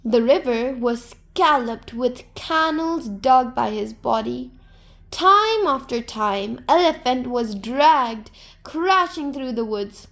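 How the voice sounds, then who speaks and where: A woman narrating a folktale to children in a gentle, expressive storybook manner. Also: high voice, slow.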